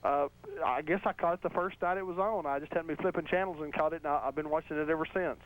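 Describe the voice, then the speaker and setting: A man from Texas with a Texan accent, recovering from illness, calling in and sounding excited and grateful. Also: a little high, quick pace. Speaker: caller. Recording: muffled phone line.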